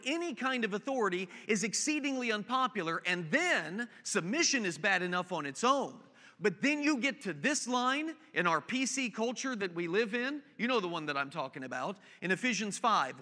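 Bright-voiced pastor in a reverberant hall. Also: male voice, high voice. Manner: conversational preaching with storytelling asides. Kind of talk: sermon.

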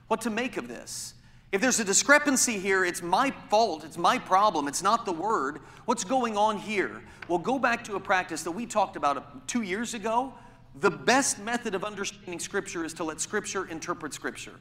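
A man preaches with a high, bright voice. He presses his points with pointed rhetorical questions. His words ring out in a large hall with a long reverb. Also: expressive, normal speed. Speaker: pastor. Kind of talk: sermon.

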